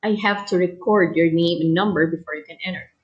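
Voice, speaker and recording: A woman teacher giving a recorded English lesson, explaining clearly and calmly. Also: fairly low pitch, quick pace, muffled recording.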